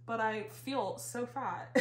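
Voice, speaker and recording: A woman's voice: on the high side, slow, fairly bright tone. Chatty, slightly breathless woman reading tarot. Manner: chatty and rambling, full of fillers and casual swearing. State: a little out of breath. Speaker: tarot reader. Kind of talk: casual tarot reading to camera. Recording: roomy echo.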